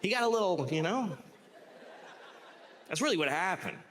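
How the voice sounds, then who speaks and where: Profane stand-up comic in an echoey hall. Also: male voice, sits high, animated, moderate pace, a bit bright, a little hiss or hum. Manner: conversational, profane, rising to incredulous rants. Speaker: stand-up comedian. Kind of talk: stand-up comedy set. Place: comedy stage before audience. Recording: live stand-up in reverberant hall.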